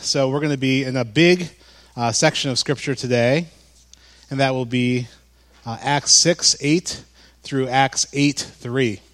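A man's voice: medium pitch, measured pace, fairly bright tone. Conversational male pastor preaching. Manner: conversational, frequent fillers and restarts. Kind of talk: sermon.

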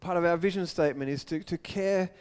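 A man's voice: fairly high pitch, brisk, darkish tone, clear, resonant tone. A male pastor preaching an earnest sermon, retelling a story and acting out its quotes.

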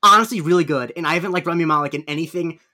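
A man guest on a podcast, running through a film's cast with quick, sarcastic remarks. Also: a little high, bright, forceful tone. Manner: quick, sarcastic, list-driven. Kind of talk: casual film review chat.

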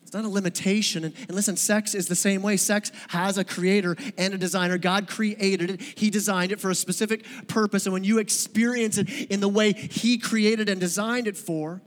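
Male pastor, high voice; conversational sermon with humor and questions to the room; long church-hall reverb. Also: fairly even intonation, normal speed, hardly any pauses. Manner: conversational, joking, asks the audience questions. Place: church sanctuary.

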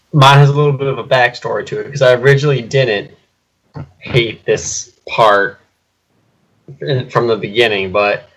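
A man co-hosting a casual movie podcast, telling an anecdote in animated bursts. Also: on the low side. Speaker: podcast co-host. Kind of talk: casual chat about movies.

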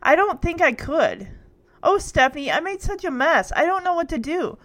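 A woman's voice: high-pitched, sing-song, moderate pace, a bit bright, no echo, voice pushed up. A woman voicing an anxious fourth-grade girl who pleads and worries. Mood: worried.

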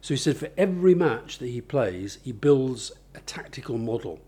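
The voice belongs to a man at mid pitch, warm and slightly rough, with big pitch swings and a normal speed. He is an author interviewed conversationally about his book, giving considered explanations with examples and frequent restarts.

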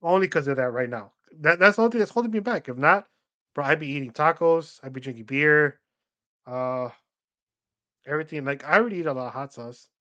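A man's voice: a little high, expressive, brisk, pushed and bright, lo-fi sound. A young man co-hosting a podcast in casual chat, telling rambling stories full of "like" and acting out what others said. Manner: rambling storyteller, acts out quoted voices, many "like" fillers. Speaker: podcast co-host.

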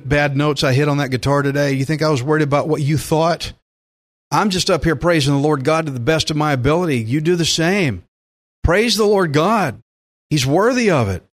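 Man, pastor, sermon, fairly high voice, animated, loud emphatic bursts, acts out quoted prayers.

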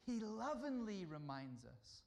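A man preaching a conversational sermon, at times dropping to a hushed voice to speak as God. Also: high-pitched, very animated, measured pace, gravelly. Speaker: pastor.

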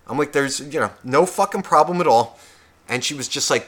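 Profane, animated male storyteller. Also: a little high, brisk. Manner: animated, swears constantly, acts out other people's lines. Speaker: podcast co-host.

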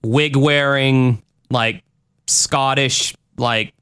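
A man's voice: mid-range voice, steady tone, drawn-out words, a bit bright, slight background noise. A man hosting a podcast, chatting loosely with a cohost and reading out parts of a case, swearing often. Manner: laid-back, swears often, loose fillers. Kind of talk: casual chat and read narration.

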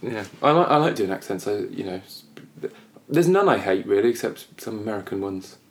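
British guy rambling on a podcast, bit low pitched, laughs a lot. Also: expressive, a little fast. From Britain. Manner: chatty, rambling, laughs easily. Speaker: podcast co-host. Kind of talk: casual chat.

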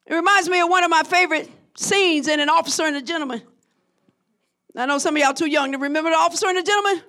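A middle-aged woman pastor preaching a sermon, swinging between shouted, impassioned declarations and soft, low passages. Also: a little fast, creaky, long pauses. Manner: drops to a soft, low, intimate tone.

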